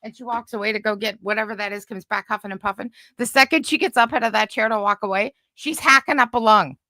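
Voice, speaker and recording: A woman's voice: fairly high pitch, fast, pushed and bright, no echo. A woman hosting a casual commentary stream, talking in a sarcastic, rambling way with lots of fillers. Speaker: commentary channel host.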